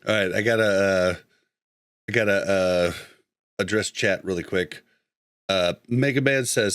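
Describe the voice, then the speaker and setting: An easygoing man hosts a podcast in a low voice, answering live chat and cutting himself off when he gets sidetracked. The sound is dry and close to the mic. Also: a little slow, fairly bright tone, clear, resonant tone, no echo. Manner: easygoing, self-interrupting, easily sidetracked. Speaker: podcast host. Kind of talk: casual chat, reading live chat.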